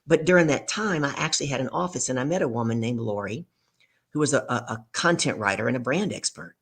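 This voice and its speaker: Creaky, husky middle-aged woman storyteller. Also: extremely low pitch, quick pace. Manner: animated storyteller acting out dialogue. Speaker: guest speaker. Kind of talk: storytelling interview.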